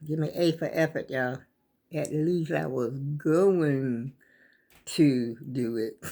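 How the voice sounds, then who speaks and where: Older woman, low voice, scratchy throat, coughing, rambling folksy vlog chat. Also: slow, warm tone. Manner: rambling, folksy, talks straight to viewers. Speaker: vlogger. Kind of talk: casual chat to viewers.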